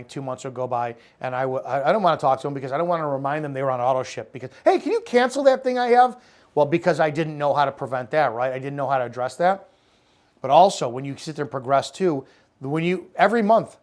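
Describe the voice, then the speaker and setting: Blunt, profane male sales coach. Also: fairly high pitch. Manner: blunt and profane, acting out sales calls in character. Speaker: network marketing sales coach. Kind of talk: unscripted motivational talk.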